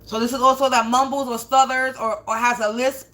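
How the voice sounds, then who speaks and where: A high-pitched woman with a bright, sharp edge hosts a spiritual reading on a livestream. She swears freely and rambles indignantly, stumbling and restarting her words as she talks. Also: fairly quick, few pauses. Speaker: spiritual reader, livestream host. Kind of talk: livestreamed tarot-style reading, profane rant.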